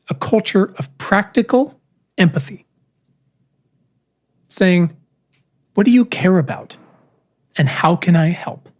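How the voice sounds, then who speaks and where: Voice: mid-range voice, darkish tone. Earnest host reading an essay aloud. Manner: earnest and emphatic, with casual wry asides.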